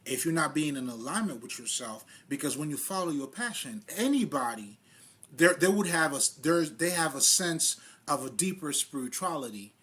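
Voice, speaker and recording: A man's voice: fairly high pitch, fairly bright tone, breathy edge. A man giving a loose, casual spiritual monologue in street slang, swearing freely and often laughing at himself. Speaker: spiritual vlogger.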